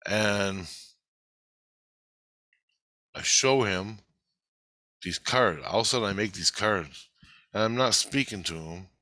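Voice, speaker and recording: Agitated, swearing man with a bright, lower voice. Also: takes it slowly, long pauses, dry recording. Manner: heavy swearing, agitated and rambling. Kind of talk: casual spoken monologue recounting a spiritual experience.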